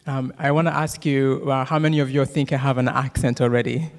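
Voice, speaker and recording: A man in his thirties from Rwanda with a Rwandan accent gives a church testimony and prayer, talking fast with many "uh" fillers and jokes with the audience. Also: medium pitch, steady tone, gravelly. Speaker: guest speaker giving a testimony. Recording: long hall reverb.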